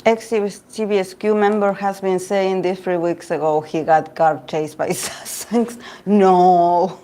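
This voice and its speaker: A woman host chatting casually about idol news, gossipy and quick to laugh, often restarting her sentences. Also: medium pitch, steady tone, dark tone. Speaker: tarot reader and channel host. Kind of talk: casual chat reading live comments.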